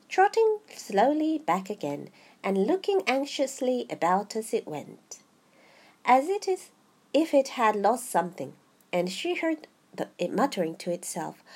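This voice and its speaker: Woman host reading storybooks aloud, husky and animated. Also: a little high. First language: Japanese. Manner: halting, with restarts and Japanese asides. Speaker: host, reader.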